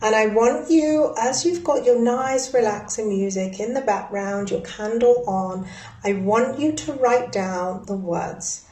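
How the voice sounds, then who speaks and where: A woman leading a guided breathwork and ritual session in a soothing, gently instructive way. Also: a little high, unhurried. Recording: echoey room.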